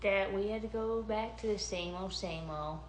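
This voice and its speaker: A woman's voice: medium pitch, normal speed, echoey room, a little hiss or hum, rough recording. A young woman in casual conversation, chiming in with short remarks and corrections. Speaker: podcast co-host. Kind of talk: casual chat.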